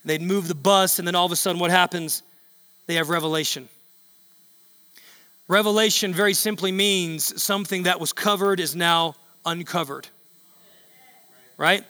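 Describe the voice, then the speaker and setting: High, bright-voiced male preacher. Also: steady tone, moderate pace, long pauses, clean tone, big-room sound. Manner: emphatic and repetitive, building to shouts. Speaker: pastor. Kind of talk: sermon.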